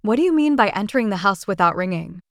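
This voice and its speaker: A woman's voice: medium pitch, lively intonation, quick pace, no echo, clean studio sound, close to an everyday voice. A woman voicing a proud young society lady. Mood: indignant. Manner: agitated, pleading, then sharp.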